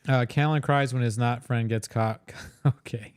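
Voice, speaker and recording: A man's voice: mid-range voice, fairly even intonation, unhurried, smooth, dry recording, clean studio sound. A man co-hosting a casual livestream, joking crudely and laughing often as he reacts to clips.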